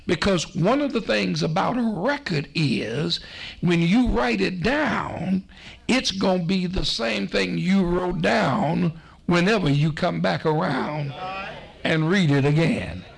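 A man preaching a sermon, slow and emphatic, with repetitions and a folksy storytelling manner. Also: high-pitched, lively intonation, vocal fry, breathy edge. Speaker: pastor.

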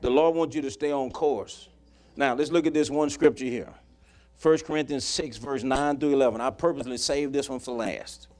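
In a mid-range voice at normal speed, a man delivers a sermon as a pastor, sharing a personal story folksily while his volume shifts from loud to quiet.

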